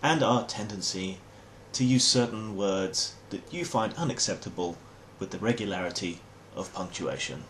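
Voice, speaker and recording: English guy, kinda deep, bouncy up and down delivery, dry mock-posh humor. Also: expressive, moderate pace, few pauses, a bit bright, slight background noise. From England. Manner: dry, wry and mock-formal. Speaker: host. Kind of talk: comic explainer monologue.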